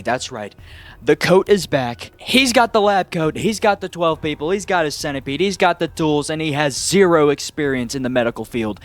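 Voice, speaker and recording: A man hosting a casual horror movie review, excitable and jokey with sarcastic asides. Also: a little high.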